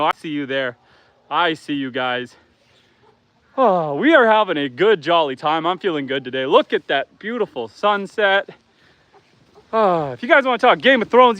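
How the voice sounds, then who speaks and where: A chatty homesteader live-streams from outside on his farm, reading viewer comments aloud and calling to his animals. His high voice has a fairly bright tone, and the highs are cut off in the recording.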